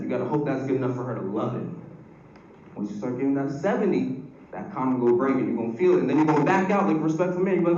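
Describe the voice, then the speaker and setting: A man's voice: medium pitch, fast talker, darkish tone. A young man from Atlanta, doing a crude live stand-up set and teasing the crowd in a packed club. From Atlanta, Georgia. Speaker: stand-up comedian. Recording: roomy, dull live club audio from far off.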